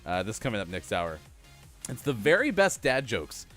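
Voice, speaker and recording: A man's voice: lowish voice, big pitch swings, normal speed, fairly bright tone, faint music behind. A man hosting a casual morning show, chatty and laughing at his own jokes. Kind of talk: casual live-stream chat.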